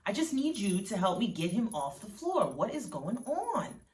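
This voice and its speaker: A woman's voice: low-pitched, moderate pace, lightly acted. A woman voicing a worried, weary mother who asks anxious, pleading questions, recorded in a roomy space from a distance. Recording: roomy sound from a distant mic.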